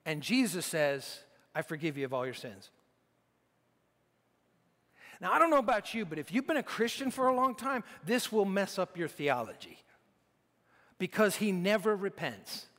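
A man's voice: high voice, sing-song, moderate pace, fairly bright tone, long reverb tail. A man preaching a sermon in a conversational way, often restarting his sentences. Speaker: pastor.

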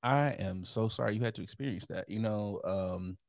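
A man's voice: fairly low pitch, normal speed, creaky, dry recording, clean studio sound. A young adult man hosting a casual chat, playful, laughing easily and acting out quoted lines.

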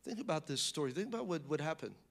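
Male preacher, slightly high voice, emphatic bursts and hushed readings, conversational asides. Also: sing-song, quick pace, creaky. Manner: swings between loud emphatic bursts and hushed low reading. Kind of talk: sermon.

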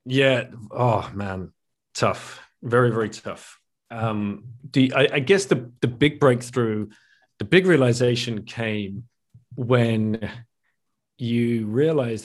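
A man's voice: medium pitch, slow pace. A middle-aged man speaks as an interview guest in a mid-range voice, candid and reflective. He restarts sentences often and slips in laughs as he recounts his past. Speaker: guest, author and podcast host. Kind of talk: candid conversational storytelling.

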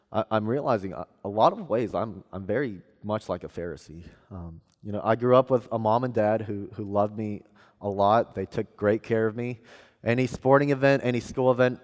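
Young man preaching in a reverberant church. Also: on the low side. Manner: earnest and self-deprecating, with frequent fillers and restarts. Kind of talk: sermon. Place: church sanctuary. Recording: long reverb of a large hall.

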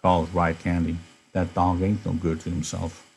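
A man voicing a calm, respected male ranch hand, reading a novel aloud in class. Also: sits low, moderate pace, creaky, a little hiss or hum.

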